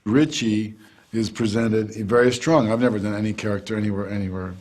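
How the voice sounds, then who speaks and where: A man, an actor, talking in a reflective, halting way in an interview. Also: lowish voice, steady tone, darkish tone.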